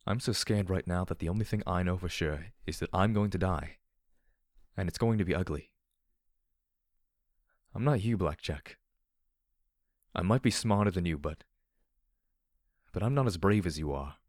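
A man reading an audiobook voices a timid, clever young male pony who speaks softly and gently. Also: low-pitched, moderate pace, long pauses, no room sound, clean studio sound. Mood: frightened. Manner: soft-spoken and gentle.

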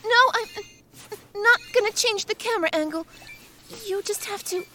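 A young woman acting a shy, nervous streamer in an adult audio role-play, stammering and hesitant, sometimes hushed. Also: extremely high pitch, a little slow, background noise. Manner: hushed, half-whispered at times.

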